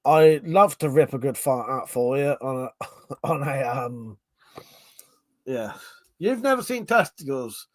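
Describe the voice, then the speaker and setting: A man's voice: mid-range voice, lively intonation, unhurried, long pauses, no echo. A man hosting a livestream, casually chatting, reading viewer comments and laughing often through crude banter. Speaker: livestream host.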